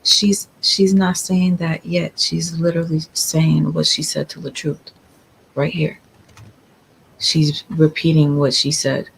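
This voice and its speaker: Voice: medium pitch, level tone, slow, gravelly, a little hiss or hum, low-quality recording. A co-host of a reaction commentary, questioning the clip skeptically.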